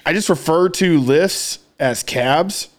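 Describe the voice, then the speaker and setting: A man's voice: fairly high pitch, slow. A man telling a rambling, profane story in casual chat as a podcast co-host. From Austin, Texas area.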